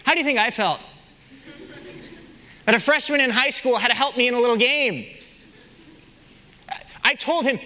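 In a large hall, a young pastor with a very high voice preaches at a moderate pace, pausing often. He animates his sermon with stories and rhetorical questions aimed at the congregation.

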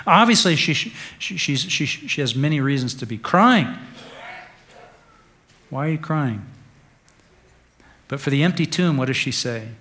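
A male pastor preaching an Easter sermon in a conversational way, dropping to a hush and then rising to stress a point. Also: fairly high pitch, expressive, unhurried, pauses often. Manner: conversational preaching, swings from hushed to emphatic.

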